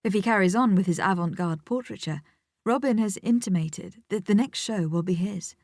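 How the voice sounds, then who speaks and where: A woman reading a first-person audiobook in a measured, intimate tone, sometimes sinking to a near whisper. Her voice sits at an ordinary middle pitch. The studio recording is close and completely dry. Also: darkish tone, no room sound. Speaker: audiobook narrator.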